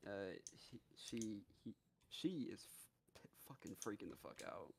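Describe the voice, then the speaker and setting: A male streamer with a low, gravelly voice retells a story in a casual, profane, animated way. His pitch swings widely as he talks, and faint noise and keyboard clicks sit under him. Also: a little slow.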